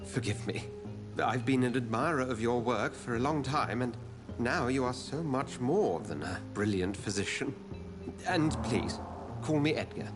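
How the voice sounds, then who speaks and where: An actor playing a polite, genteel hospital director who speaks in a courtly way. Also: male voice, mid-range voice, measured pace, natural voice. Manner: polite, courtly, animated speech. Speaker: game character. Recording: game audio with music behind.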